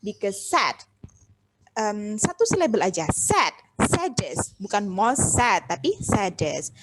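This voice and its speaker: A woman's voice: medium pitch, very animated, a little slow, slight background noise. A young woman with an Indonesian accent teaching a grammar lesson. She switches between languages and coaxes answers with questions. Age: young adult. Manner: code-switching, coaxing questions to the class.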